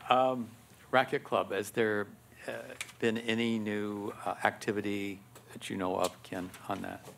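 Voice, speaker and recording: A board member with a deep, gravelly voice. He asks his questions hesitantly, with plenty of ums. He speaks into a desk microphone in a municipal chamber. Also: level tone, unhurried, fairly bright tone, slight background noise. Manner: hesitant, asking questions with many fillers. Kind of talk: public meeting remarks. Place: city hall meeting chamber.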